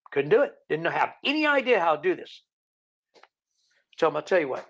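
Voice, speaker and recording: A middle-aged man spins a wry, rambling anecdote in a casual tone. His voice sits a little high and carries a gravelly fry. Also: very animated, a little fast, pauses often, fairly bright tone. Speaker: guest. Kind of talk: casual storytelling.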